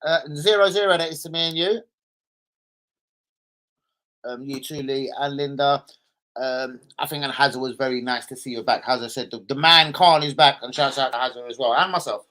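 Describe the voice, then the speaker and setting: Young man, bright tense voice, casual sweary stream chat, greeting viewers by name. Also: mid-range voice, normal speed, rough recording. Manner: loose, sweary, shouting out viewers. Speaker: live stream host.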